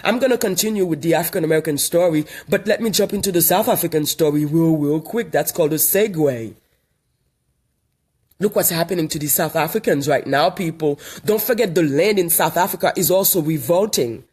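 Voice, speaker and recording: A man from Haiti holds forth in a backyard monologue. His voice sits high, and he hammers points home through repetition, like a street preacher. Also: fairly quick, a little mellow, husky. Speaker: online commentator. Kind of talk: outdoor monologue. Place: backyard outdoors.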